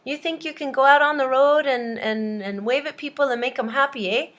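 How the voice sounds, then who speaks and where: A woman's voice: sits high, fairly quick, a bit bright, voice pushed up. A woman voicing a bossy Canadian man who ends every order with "eh". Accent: put-on Canadian. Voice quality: says "eh" after every order, pushy. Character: bossy middle-aged Canadian man boss.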